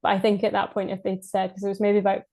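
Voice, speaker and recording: A Scottish woman recounts her story as a podcast guest in relaxed, unscripted speech. She hesitates a lot and restarts her sentences, with laughs slipping in. Her pitch stays fairly level and even throughout. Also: fast. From Scotland. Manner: hesitant, many fillers and restarts, laughs often. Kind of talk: casual spoken birth story.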